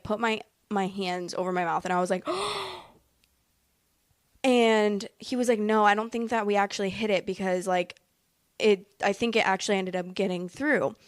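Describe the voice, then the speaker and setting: A woman's voice: medium pitch, fairly even intonation, a little fast, no room sound, clean studio sound. A woman telling a personal story in a casual, rambling way, packed with fillers and emotional asides. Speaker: vlogger.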